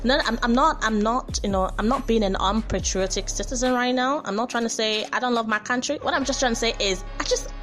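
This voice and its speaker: A woman's voice: fairly high pitch, brisk, few pauses, fairly bright tone. A woman hosting a radio show, chatting in a bubbly, giggly and effusive way. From Nigeria. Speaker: radio host. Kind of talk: casual radio chat.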